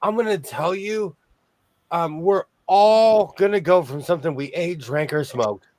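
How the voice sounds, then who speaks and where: A man's voice: fairly high pitch, a little slow, darkish tone, no echo. Chatty man from California, dry close sound. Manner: rambling, chatty storyteller. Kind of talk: casual chat.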